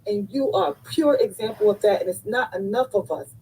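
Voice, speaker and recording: A woman's voice: medium pitch, a little fast, warm tone, slight background noise, low-quality recording. Tearful woman in her fifties. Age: 50s. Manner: tearful, effusive, repeating thanks. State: crying. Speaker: caller on a live stream. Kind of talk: emotional thank-you on a live call.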